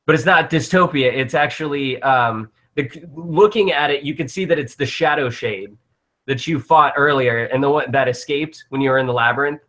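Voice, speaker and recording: A man's voice: mid-range voice, moderate pace, pushed and bright. A young man narrating as game master, rambling with lots of fillers and restarts.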